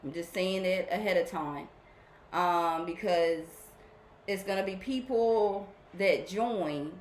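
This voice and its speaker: A woman hosting a spiritual program, talking casually and warmly to her followers, often repeating herself as she rambles. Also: lowish voice, slow pace, reverberant, slight background noise.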